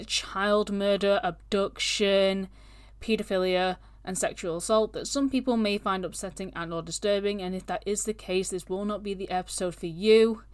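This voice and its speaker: A woman's voice: mid-range voice, clear, resonant tone. A woman co-hosting a podcast, chatting casually and rambling from one point to the next. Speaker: podcast co-host. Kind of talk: casual chat.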